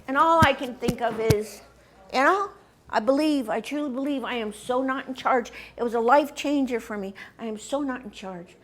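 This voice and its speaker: A woman from the United States telling a personal story on stage, animated and acting out the voices of others, often laughing. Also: high-pitched, normal speed. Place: stage before a live audience.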